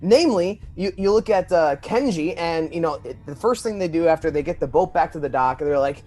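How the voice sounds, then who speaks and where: A man co-hosting a casual podcast, rambling and animated, often acting out quoted lines. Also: a little high, fairly quick, hardly any pauses, faint music behind. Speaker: podcast co-host.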